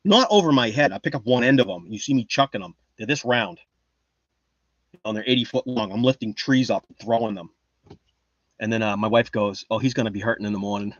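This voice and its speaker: A man's voice: mid-range voice, animated, fairly quick, fairly bright tone, no room sound, highs cut off. Joking, rambling man on a livestream. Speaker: livestream host. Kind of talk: casual livestream chat, reading chat.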